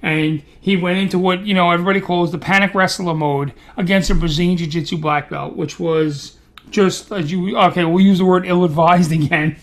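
A man in casual sports chat, animated and opinionated, joking as he argues his points. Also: sits high, fairly quick. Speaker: podcast co-host.

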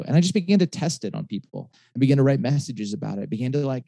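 A man's voice: mid-range voice, fast talker, vocal fry, hardly any pauses, mellow, no room sound. A man in his forties, a pastor and author, telling a personal story in a conversational interview, with many restarts and fillers. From Michigan.

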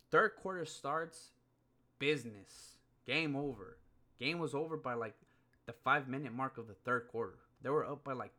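A man's voice: medium pitch, pushed and bright. Man ranting profanely about sports. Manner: profane, heated, rambling with fillers. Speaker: sports podcaster. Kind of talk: casual sports rant.

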